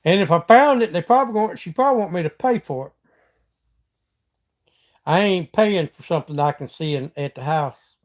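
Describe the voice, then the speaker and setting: A man's voice: high-pitched, expressive, normal speed, long pauses. A middle-aged man from Georgia with a Southern accent, hosting a casual live stream and chatting with viewers in a folksy way. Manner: folksy, chatty, reads out and answers viewer comments. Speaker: livestream host.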